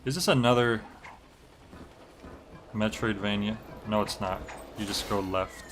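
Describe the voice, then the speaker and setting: A man's voice: lowish voice, measured pace, background noise. A man giving casual gameplay commentary on a stream, joking and reacting to chat as he plays. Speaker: game streamer.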